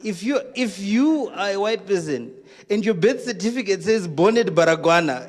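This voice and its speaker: A man with a South African accent doing live stand-up comedy on stage, telling stories in an animated, exclamatory way. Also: sits high, a little slow, long pauses. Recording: long hall reverb.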